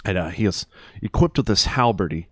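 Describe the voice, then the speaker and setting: A man narrating a tabletop game as game master, pausing often with fillers. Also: on the low side, lively intonation, fairly bright tone, slightly rough, no echo, studio quality. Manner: hesitant, many fillers.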